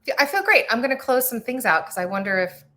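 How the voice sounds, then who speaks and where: A woman's voice: fairly high pitch, big pitch swings, quick pace, sharp tone. A woman, a guest on a casual chat over a video call, playfully joking along. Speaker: podcast guest.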